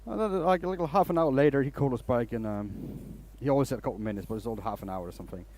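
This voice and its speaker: A man's voice: mid-range voice, racing, a little mellow, slight background noise. A man hosting a woodturning live stream in a workshop, chatting casually and rambling through stories.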